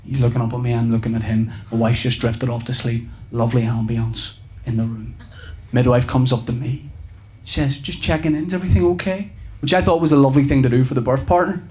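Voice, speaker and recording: A man in his thirties doing a stand-up comedy routine, telling a story with animated delivery and acting out conversations. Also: medium pitch, fairly quick, a little hiss or hum.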